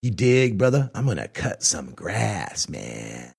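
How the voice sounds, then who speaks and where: A man's voice: sits low, big pitch swings, slow pace, creaky, darkish tone, slightly rough, pitched below the performer's own voice, full character voice. A man doing a drawling laid-back stoner dude. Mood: mellow.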